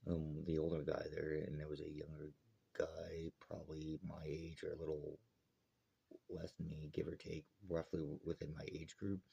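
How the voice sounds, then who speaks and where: A man's voice: very deep voice, vocal fry, warm tone, husky, muffled recording. A man from Alberta ranting bluntly and heatedly to camera, swearing often. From Alberta, Canada. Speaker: vlogger. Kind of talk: angry rant to camera.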